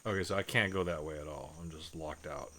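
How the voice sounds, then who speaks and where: A man with a very deep, sharp voice streams a video game live, delivering brisk gameplay commentary. He chats, mutters self-deprecating asides and swears at the game.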